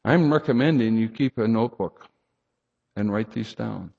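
A man's voice: on the low side, normal speed, creaky, dark tone, slightly rough, in a large hall, highs cut off. A middle-aged man preaching a sermon, speaking earnestly and directly to his congregation and leaning hard on scripture. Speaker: pastor.

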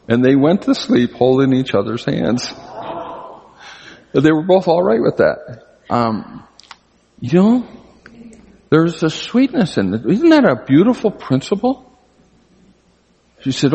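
An older man delivers a conversational sermon with a husky, slightly breathy voice. He talks earnestly and his voice jumps up high when he stresses a point. The sound trails off in a long hall reverb. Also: very animated, a little slow, long pauses, darkish tone. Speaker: preacher.

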